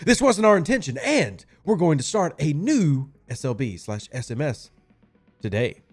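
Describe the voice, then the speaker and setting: A male streamer chats loosely through a game session with a lively, bouncing delivery and a fairly high voice. He leans into dry sarcasm and keeps replying to his chat. Faint music plays underneath. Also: moderate pace. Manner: sarcastic, chatty, talks to chat. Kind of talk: casual live-stream chat.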